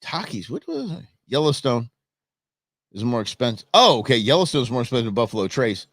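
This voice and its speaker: A man's voice: mid-range voice, very animated, fairly quick, a bit bright, no room sound, studio quality. A man hosting a live election-night stream, rambling through casual, jokey commentary with lots of restarts and asides. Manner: jokey, opinionated banter.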